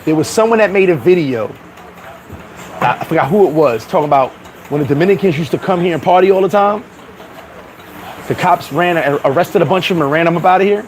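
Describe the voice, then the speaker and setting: High-voiced man ranting outdoors. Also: fairly quick, long pauses, a little hiss or hum, poor audio. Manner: emphatic, animated storytelling. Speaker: vlogger. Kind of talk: casual commentary rant.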